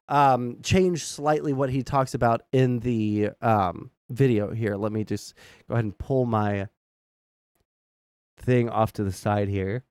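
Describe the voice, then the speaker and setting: A man's voice: on the high side, a little mellow, clear, resonant tone, no echo, studio quality. Profane rambling male streamer. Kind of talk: casual livestream commentary.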